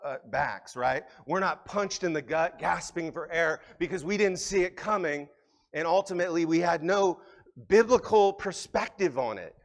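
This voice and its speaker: Guy pastor preaching a sermon in church, kinda high voice, pushes hard then goes soft and close. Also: lively intonation, moderate pace. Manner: earnest preaching, rising to emphatic peaks then dropping to soft, intimate asides. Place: church sanctuary.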